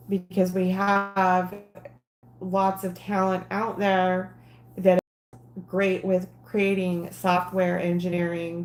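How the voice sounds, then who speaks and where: A woman's voice: on the low side, creaky, reverberant, a little hiss or hum. A woman hosting a casual crafting livestream, rambling and talking to herself as she works, with plenty of fillers. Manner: rambling, talks to herself while working, many fillers.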